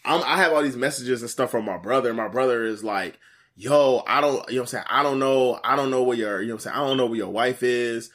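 A man casually telling a story in slang, animated, jumping to a higher voice when he quotes people. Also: fast talker.

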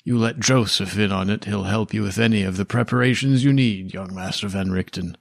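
A man's voice: lowish voice, steady tone, gravelly, no room sound, clean studio sound. A man voicing a polite, deferential male estate servant in a tabletop game. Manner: courteous, deferential, unhurried.

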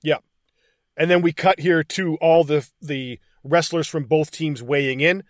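Excited, profane man recapping a film. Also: on the high side, a little slow, no echo, clean studio sound. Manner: excited, profane retelling of scenes. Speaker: podcast host. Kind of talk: casual film recap chat.

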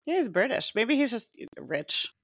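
A woman's voice: fairly high pitch, very animated, unhurried, husky, no room sound, clean studio sound. A woman co-hosting a podcast, chatting casually, giggling and trailing off with fillers. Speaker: podcast co-host. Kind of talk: casual chat.

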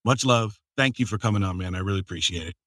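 A man's voice: on the low side, fast. A man hosting a podcast and interviewing a guest, rambling with many fillers and frequent laughter. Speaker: podcast host and audiobook producer. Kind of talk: casual interview chat.

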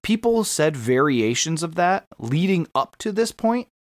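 A man's voice: fairly high pitch, very animated, a little slow, dry recording, clean studio sound. A man co-hosting a podcast in casual chat, gushing and enthusiastic, often restarting his sentences. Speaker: podcast co-host.

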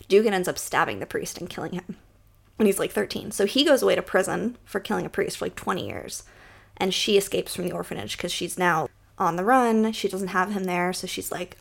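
A woman from Long Island, co-hosting a podcast and recapping a book in fast, casual chat with frequent laughs. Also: on the low side, gravelly. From Long Island, New York. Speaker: podcast co-host.

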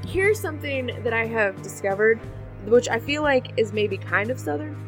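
A woman with a fairly high voice chatting on a gaming podcast. She rambles and hedges, starting her thoughts over as she goes. Music plays clearly behind her. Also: expressive, normal speed. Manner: rambling, hesitant, self-correcting. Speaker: podcast player. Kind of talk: casual podcast chat.

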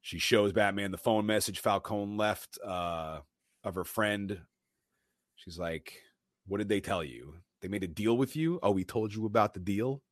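This podcast co-host has a lowish voice and speaks unhurriedly, captured in studio quality without echo. Casually recapping a movie, he goes through the plot scene by scene with animation, quoting and performing the characters' lines.

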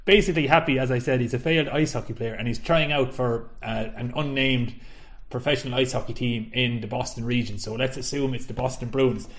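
A man's voice: mid-range voice, fairly even intonation, fairly quick, fairly bright tone. A man in his thirties co-hosting a podcast, talking enthusiastically and laughing often as he retells a comedy film. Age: 30s. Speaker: podcast co-host. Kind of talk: casual chat.

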